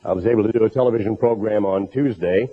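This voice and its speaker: A man with a hoarse, raspy voice from a bronchial illness, preaching earnestly in a recorded sermon for a tape program. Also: lowish voice, quick pace. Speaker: minister. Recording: tinny phone-like tape recording.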